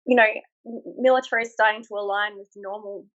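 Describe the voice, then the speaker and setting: An Australian woman in her thirties, a former military instructor, telling stories in a frank, animated way with frequent laughs, over a remote call. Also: mid-range voice, fast talker, highs cut off. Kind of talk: casual interview chat.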